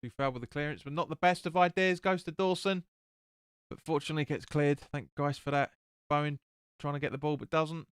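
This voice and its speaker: A man's voice: on the high side, fairly even intonation, fairly quick, smooth, no echo, studio quality. A man hosting a live football watch-along, calling the play and chatting with viewers as he reads their comments. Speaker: fan watch-along host.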